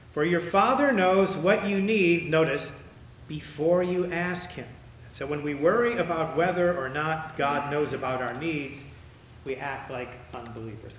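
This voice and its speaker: A man preaching a sermon as pastor, emphatic, his voice climbing high when he reads verses. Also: a bit bright, a little hiss or hum. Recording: echoey room with faint ambience.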